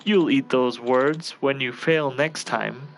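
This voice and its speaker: A man voicing a smug, theatrical male villain who taunts with slow, gloating words. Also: mid-range voice, a little hiss or hum, rough recording.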